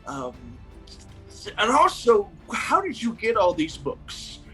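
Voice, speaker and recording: A man's voice: sits high, wildly swooping pitch, takes it slowly, fairly bright tone, soft background music, voice pushed up, full character voice, rough recording. A man voicing a frail old woman pretending to be a librarian, scolding and shrieking.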